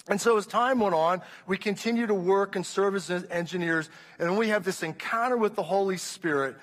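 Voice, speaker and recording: Impassioned high-voiced man preaching in a church hall. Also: brisk, few pauses, a bit bright. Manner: impassioned storytelling with frequent restarts. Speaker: pastor. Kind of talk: sermon testimony.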